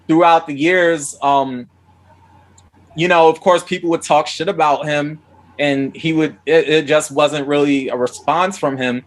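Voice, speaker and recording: A man co-hosts a podcast in loose casual chat. His voice sits a little high, and he rambles, restarts and swears freely. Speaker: podcast co-host. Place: DC area.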